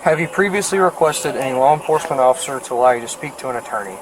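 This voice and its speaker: A male deputy questioning a suspect in a calm, procedural way. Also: mid-range voice, rapid-fire, distant mic, background noise. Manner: calm, procedural, reads rights. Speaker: sheriff's deputy. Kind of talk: police interview questioning.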